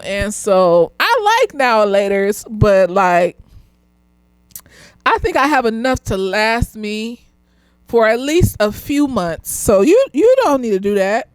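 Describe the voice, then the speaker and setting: Young woman therapist, loose tipsy review monologue, lots of laughter and cursing, bright higher voice, close dry mic. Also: slow pace, dry recording. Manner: animated, laughing often, profane, swings into high excited squeals.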